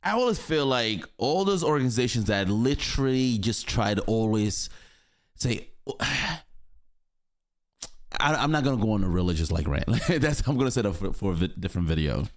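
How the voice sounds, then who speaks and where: A man hosting a reaction video, talking casually in halting bits that trail off. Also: on the low side, animated. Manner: halting, trailing off with restarts and chuckles.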